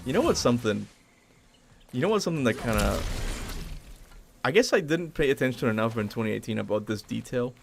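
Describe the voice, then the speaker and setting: Young male game streamer, casual and rambling, gravelly voice with a bouncy, expressive pitch, faint hiss behind. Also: brisk, pauses often. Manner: rambling, self-correcting, laughs often. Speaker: gaming streamer. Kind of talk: casual live commentary over gameplay.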